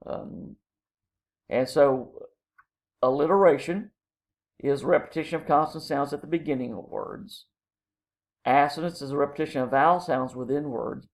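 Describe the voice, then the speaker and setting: Gravelly man lecturing slowly on poetry. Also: mid-range voice. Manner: explains terms slowly with many ums and uhs. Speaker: college English instructor.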